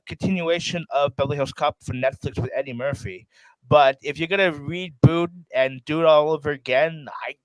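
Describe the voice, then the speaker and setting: A man's voice: on the high side, dry recording, rough recording. A man co-hosting a movie podcast, talking casually and rambling with lots of fillers. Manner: rambling, many fillers like "like" and "you know". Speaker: podcast co-host. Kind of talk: casual chat.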